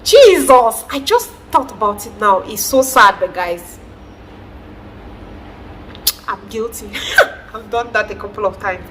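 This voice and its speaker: A woman, talking casually to her viewers in an animated, preachy way and often laughing. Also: a little high, moderate pace, slight background noise. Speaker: vlogger, mother. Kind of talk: casual talk to camera.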